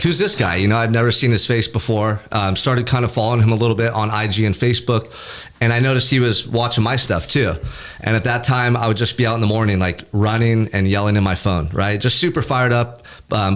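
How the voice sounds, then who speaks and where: A man's voice: fairly low pitch, fairly bright tone. A man hosting a podcast from a recording studio, introducing his guest in a fired-up, motivational way and swearing bluntly. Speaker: podcast host.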